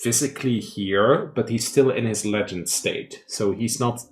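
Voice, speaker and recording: A man's voice: on the low side, measured pace, slight background noise. Chuckling man running a tabletop game. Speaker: game master. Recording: roomy echo.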